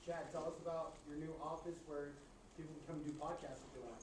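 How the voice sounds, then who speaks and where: A man's voice: a little high, steady tone, a little fast. Man announcing from across an echoey room. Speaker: insurance broker closing the class. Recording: echoey room, far from mic, noisy.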